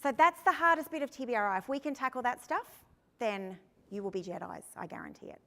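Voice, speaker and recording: Australian woman, foster-care trainer, higher voice, chatty storyteller, long hall echo. Workshop presenter. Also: expressive, brisk, pushed and bright. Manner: chatty storytelling, asks the audience questions. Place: conference room.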